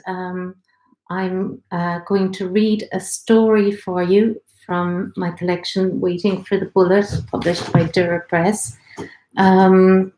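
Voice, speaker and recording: A woman author reads her own short story aloud during a live online event, in a friendly, steady narrating voice. Her tone is mellow and soft, and the indoor room adds a roomy echo. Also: medium pitch. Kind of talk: live literary reading.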